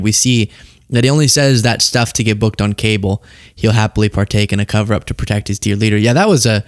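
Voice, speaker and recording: A man with a faint Southern US accent hosts a political commentary show in a loose, sarcastic way, laughing and mocking as he talks. His voice sits at a middle pitch and is recorded dry and close, with no room sound. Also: no echo.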